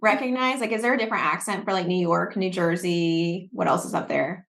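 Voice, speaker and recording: A woman's voice: fairly low pitch, fairly quick, vocal fry, fairly bright tone, no echo, studio quality. Chatty Southern woman podcast host. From South Carolina. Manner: chatty, upbeat, lots of "like". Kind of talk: podcast interview.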